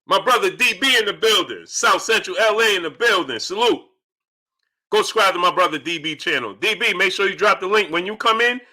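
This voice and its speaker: A man hosting a live-stream boxing talk show from home, greeting viewers in chat and loudly acting out his own shouting at the screen. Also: high voice, lively intonation, fairly quick. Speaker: boxing channel host.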